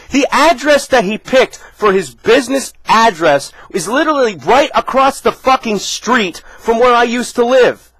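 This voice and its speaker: A man's voice: high voice, fairly bright tone, breathy edge, dry recording, low-quality recording. A man vlogging an angry, profane rant aimed at another person. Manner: furious, profane, confrontational.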